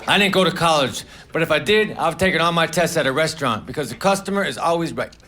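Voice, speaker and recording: A man doing a live stand-up routine, delivering short one-liners in a deadpan manner. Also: fairly high pitch, quick pace, a crowd in the background. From United States. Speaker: stand-up comedian. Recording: noisy live recording. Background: audience laughter.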